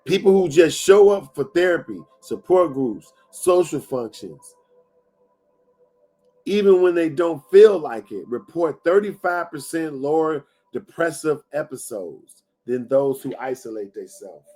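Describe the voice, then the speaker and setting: An expressive, unhurried man with a slightly high, dark voice leads a live-streamed motivational talk. He repeats his lines in a preachy way and talks right to the viewers again and again.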